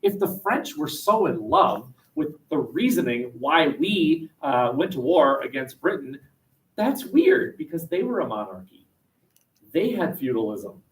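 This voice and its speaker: A man teaching history in a lively classroom lecture, joking and acting out quotes with plenty of fillers. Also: on the high side, a little slow. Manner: jokey, acts out quotes, many fillers. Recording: voice from far off the mic in a classroom.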